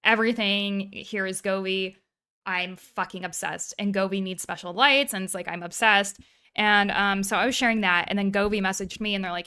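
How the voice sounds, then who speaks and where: A woman streamer co-hosting a podcast in casual chat, animated and rambling, swearing freely. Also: mid-range voice, moderate pace, smooth.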